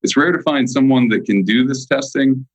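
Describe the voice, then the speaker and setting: A man speaking as a nutrition guest in a casual interview, emphatic and slowing down to stress key points. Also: medium pitch, no room sound, dull audio.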